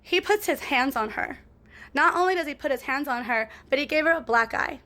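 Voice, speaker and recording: A woman's voice: high voice, lively intonation, brisk, bright, forceful tone. A woman in a casual storytime monologue, rambling and cussing as she talks to her viewers and keeps asking "right?".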